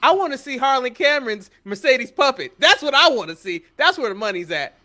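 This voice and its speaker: Excitable, lively-voiced man ranting. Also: very high-pitched, fairly quick. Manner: opinionated, swears freely, stammers when excited. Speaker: podcast co-host. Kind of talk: casual wrestling recap chat.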